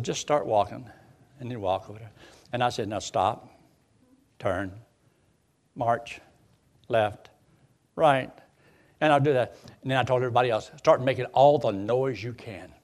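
A man preaching a sermon, quoting scripture in old-style wording and repeating phrases for emphasis. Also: medium pitch.

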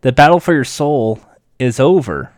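A man voicing a menacing male villain who taunts his enemy in a quiet, measured way while recapping a show. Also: medium pitch, sing-song, no echo, clean studio sound, close to an everyday voice. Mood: sinister.

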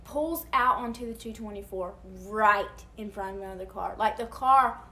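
A woman, animated and laughing as she tells a story in casual podcast chat. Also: medium pitch, normal speed, reverberant, crowd noise. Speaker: podcast co-host.

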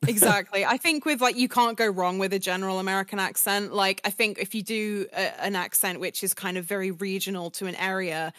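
A woman's voice: medium pitch, steady tone, brisk, few pauses, a bit bright, no room sound, clean studio sound. A woman of twenty-nine, a voice actor, chatting in a giggly way full of fillers. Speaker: voice actor guest. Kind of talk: casual interview chat.

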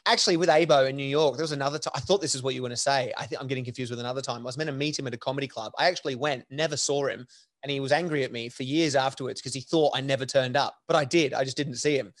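A man's voice: mid-range voice, rapid-fire. A man, a podcast guest, rambling through memories in a self-deprecating, chatty way. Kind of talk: casual podcast chat.

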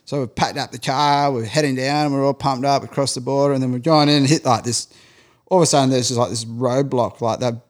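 A man's voice: medium pitch, fairly even intonation, brisk. A man telling a long story in casual chat, rambling and peppering his talk with fillers. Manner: rambling, heavy use of filler "like".

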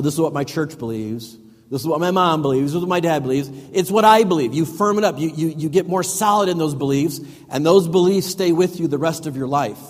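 A middle-aged male pastor preaching a sermon with emphatic swings between loud and hushed delivery. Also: a little high. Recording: long hall reverb.

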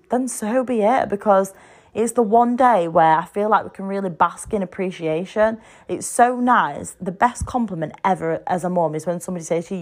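Woman, 30s, British English accent, low-pitched, chatty, frank, swears a lot, solo podcast host. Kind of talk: casual solo podcast chat. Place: home.

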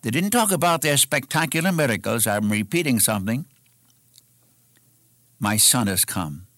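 A man's voice: mid-range voice, animated, normal speed, fairly bright tone, dry recording. A man preaching a sermon, earnest and emphatic, addressing the listener directly as his friend.

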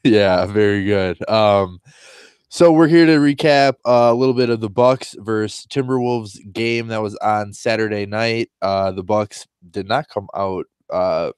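A man's voice: fairly low pitch, smooth, no room sound, clean studio sound. A man co-hosting a casual sports podcast, sounding nasal from a cold and talking with plenty of ums and uhs. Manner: chatty, with fillers like um and uh. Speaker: podcast co-host.

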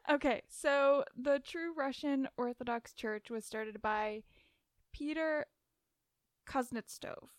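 A woman's voice: sits high, slow, clear, resonant tone, no room sound. A woman co-hosting a podcast, telling a story in casual chat, giggling and stumbling over names. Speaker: podcast co-host.

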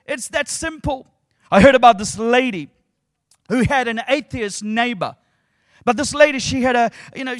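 Male preacher, very high voice, call-and-response, shouting, dry close sound. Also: no echo. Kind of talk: sermon.

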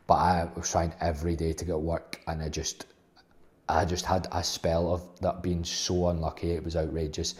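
Casting: young guy, deep even voice, blunt sweary storyteller. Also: moderate pace. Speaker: host. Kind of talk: casual storytelling monologue.

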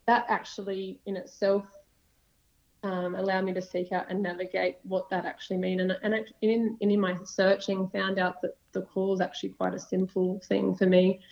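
A young adult woman, a podcast guest talking casually and earnestly about faith, rambling at times in quick bursts. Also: medium pitch, little pitch movement, gravelly, a little mellow. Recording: dull lo-fi sound.

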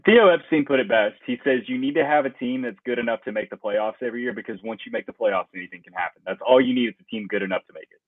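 A man's voice: medium pitch, quick pace, slightly rough, dry recording. A young man co-hosting a casual sports podcast, exasperated and swearing, laughing often, heard over a remote call. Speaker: podcast co-host. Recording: tinny phone-like line.

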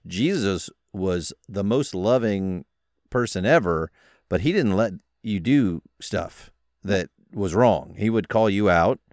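A man's voice: lowish voice, expressive, slow, darkish tone, dry recording, clean studio sound. A middle-aged man hosting a podcast, talking in a preachy, fatherly way. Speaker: host. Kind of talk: casual podcast interview.

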